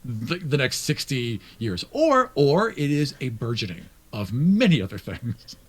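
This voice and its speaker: A man co-hosting a casual live-streamed chat, animated and quick to laugh. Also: medium pitch, husky. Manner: animated, laughs often, does silly voices. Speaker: podcast co-host.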